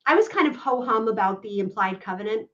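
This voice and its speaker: Emphatic, fairly high-voiced woman legal analyst for a podcast; dull lo-fi audio. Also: lively intonation, fairly quick, fairly bright tone. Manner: emphatic, keeps checking in with "right?".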